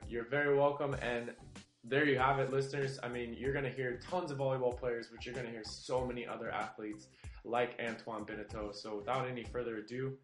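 A man hosting an athlete interview podcast, introducing his guest in an upbeat, energetic way. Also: mid-range voice, a little fast, soft background music. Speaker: podcast host. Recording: roomy echo.

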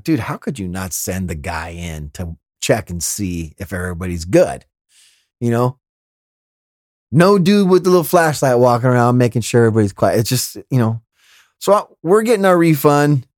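A man's voice: fairly high pitch, dry recording. Guy telling a funny rant on his podcast, voice all over the place, dry mic. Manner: animated, exasperated, laughing asides. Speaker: podcast host. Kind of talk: comedic storytelling monologue.

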